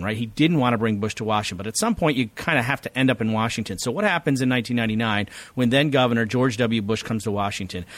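Middle-aged man, academic guest, rapid lecture-style delivery, dry close recording. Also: lowish voice, fairly bright tone, no room sound. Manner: rapid, detailed, lecture-like explaining. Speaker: political science professor and author guest. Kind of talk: explanatory interview answers.

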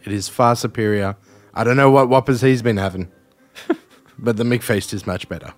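A man's voice: medium pitch, moderate pace. A young Australian man co-hosting a casual sports podcast, talking in a wry, laid-back way and laughing easily. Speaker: podcast co-host. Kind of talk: casual chat.

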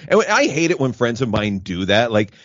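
A man's voice: mid-range voice, very animated, moderate pace, a bit bright, dry recording. A man from Canada, a podcast co-host chatting casually in a jokey, self-mocking way. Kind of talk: casual chat. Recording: slightly dull lo-fi, dry.

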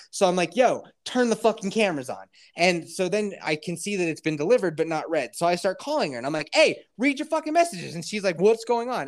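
A man hosting a podcast, telling a story in a casual, animated way, full of swearing and acted-out quotes. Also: on the high side. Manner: animated, profane, acts out quotes. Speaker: podcast host.

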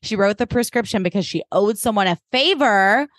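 A woman co-hosting a podcast, retelling a TV episode in casual, animated chat and acting out the quotes. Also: medium pitch, moderate pace, dry recording, clean studio sound. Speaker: podcast co-host.

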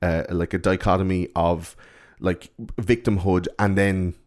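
A man chatting casually about a movie, swearing freely and acting out lines in mocking high voices. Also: flat delivery, a little slow, darkish tone. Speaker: podcast co-host.

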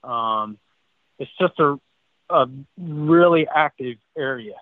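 Brief: male guest, slightly high voice, halting storyteller, dry tinny phone line. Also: animated, no echo. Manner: halting, repeats words while recounting. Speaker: guest sharing field encounters. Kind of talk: casual storytelling on a call-in panel.

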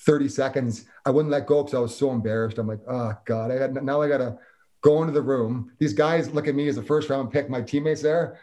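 A man from Canada tells an old hockey story in casual chat, his voice at an everyday middle pitch. He acts out the lines of the people in the story as he goes. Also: brisk. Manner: animated storyteller, acts out quotes. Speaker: guest, former hockey player.

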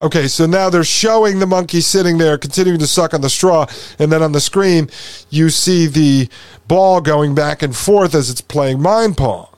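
A man's voice: a little high, moderate pace, darkish tone, clean tone, no echo. A man hosting a podcast, commenting over a video he is playing, emphatic and repetitive, with sarcastic asides. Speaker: podcast host.

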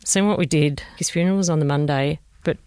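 A woman with an Australian accent, a mother gently recalling a painful family story in an interview and re-enacting what people said. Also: sits low, quick pace, smooth, no echo, studio quality. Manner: reflective, gentle, re-enacts conversations. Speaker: bereaved mother telling her story. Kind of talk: personal recollection, interview.

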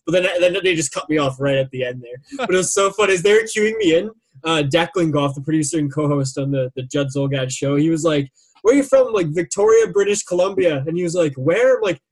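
A man from Canada, a podcast guest chatting casually and telling an excitable story. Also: on the high side, quick pace. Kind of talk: casual chat.

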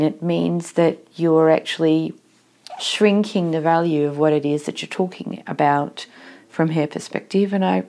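A woman with a somewhat low voice talks listeners through how words and tone land at work. She muses on her own habits and keeps putting questions to the listener. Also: darkish tone. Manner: reflective, asks the listener questions. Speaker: workplace communication coach. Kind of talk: solo talk to listeners.

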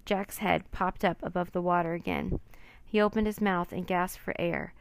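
A woman reading a children's adventure book aloud, with expressive, dramatic narration. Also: fairly low pitch, normal speed.

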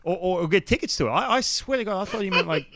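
Animated man telling a story. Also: high-pitched, fast talker, creaky, background noise. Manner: animated storyteller, acts out quotes loudly. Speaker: podcast guest telling a story. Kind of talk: casual chat.

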